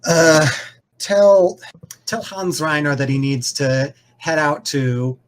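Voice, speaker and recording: A man voicing a short, brusque male festival organizer who barks rushed, profane orders in a flustered, snappy way. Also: fairly high pitch. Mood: bossy.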